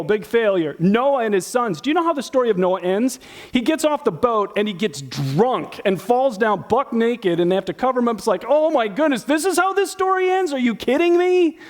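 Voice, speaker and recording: A middle-aged man preaching a sermon in a church, talking casually and acting out Bible characters as he teaches. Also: high voice. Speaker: pastor.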